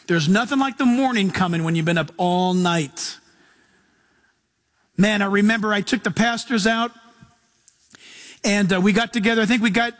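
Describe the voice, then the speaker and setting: High-voiced, excited casual pastor. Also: male voice. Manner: enthusiastic, casual, slangy. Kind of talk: sermon.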